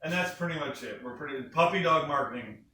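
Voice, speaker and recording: An enthusiastic man leads a presentation to a small group and keeps asking his listeners questions. His voice is bright and pushing. It sounds roomy and distant, with a faint hiss behind it. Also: a little high, fast talker. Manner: energetic, enthusiastic, talks to the room with questions. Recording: echoey room from a distant mic with faint noise.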